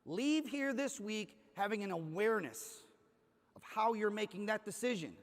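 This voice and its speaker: A man's voice: sits high, lively intonation, moderate pace. A man from Cleveland giving a motivational keynote on a conference stage, telling a story with energy and acting out the dialogue. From Cleveland, Ohio. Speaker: conference speaker. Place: large conference hall stage. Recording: hall reverb from stage PA.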